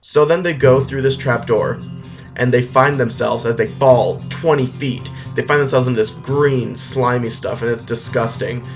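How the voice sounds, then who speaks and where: Rambling deadpan male storyteller. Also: mid-range voice, moderate pace. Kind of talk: comic retelling over music. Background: faint guitar music.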